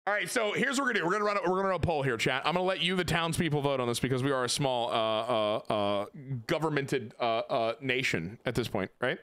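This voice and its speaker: Bright-voiced profane male game streamer. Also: medium pitch, expressive, fast talker, hardly any pauses, clear, resonant tone. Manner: profane, joking, rambling. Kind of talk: casual live-stream chat.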